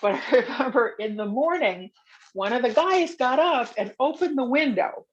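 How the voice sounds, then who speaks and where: A woman guest telling travel anecdotes in a casual chat, lively as she recounts them. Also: high-pitched, normal speed, a little hiss or hum, rough recording. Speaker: guest, pilgrim author.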